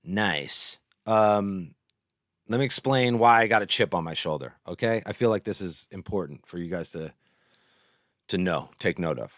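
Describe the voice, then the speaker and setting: A man's voice: deep voice, animated, normal speed, fairly bright tone, dry recording, clean studio sound. Blunt, profane man talking battle rap. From San Jose, California. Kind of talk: casual unscripted commentary.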